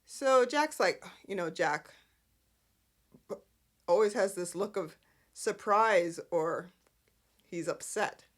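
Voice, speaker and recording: A woman's voice: medium pitch, animated, slow pace, pauses often. A woman hosting a podcast, recapping soap opera episodes in a chatty, sarcastic way with lots of "like" fillers. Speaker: podcast host.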